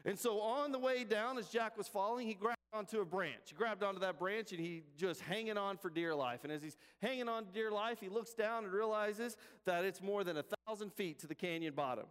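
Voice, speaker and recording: Earnest preacher with a raised voice. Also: male voice, high voice, smooth. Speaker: pastor. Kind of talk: sermon. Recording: long hall reverb from the church.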